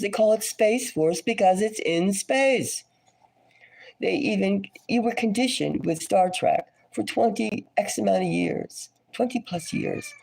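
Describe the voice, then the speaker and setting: A woman giving a casual tarot reading, her voice scratchy and hoarse from a cold, rambling and dropping now and then into a whisper. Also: fairly low pitch, dark tone. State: hoarse, getting over a cold. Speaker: tarot reader.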